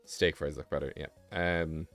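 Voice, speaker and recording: A man's voice: very deep voice, fairly even intonation, a little slow, fairly bright tone, faint music behind. A young British man streaming live, chatting casually and rambling with self-mocking asides while he draws. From Britain.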